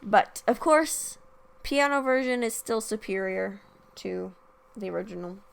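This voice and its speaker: A young woman who reviews music hosts a casual solo podcast, chatting about songs with many ums and restarts and singing short quoted lines. Her mid-range voice is clear and resonant, with some vocal fry and a slightly slow pace.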